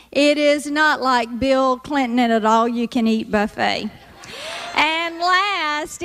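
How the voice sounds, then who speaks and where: A woman's voice: high voice, fairly bright tone, in a large hall. A middle-aged woman from Mississippi with a Southern accent, doing a folksy, teasing stand-up routine. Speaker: comedic speaker.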